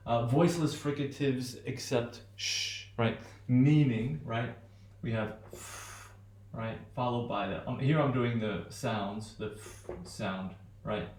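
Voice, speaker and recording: Casting: male pronunciation teacher, mid-pitched, loose rambling lecture, reverberant room. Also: slow pace, a little mellow. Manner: thinks aloud with many fillers and "right?" tags. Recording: echoey room.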